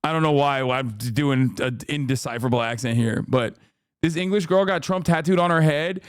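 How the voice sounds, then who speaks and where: Streamer guy ranting at news clips, blunt and sweary, crisp dry mic. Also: a little high, moderate pace, no echo. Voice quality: blunt, profane, emphatic. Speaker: streamer reacting to news footage. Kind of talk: live reaction stream commentary.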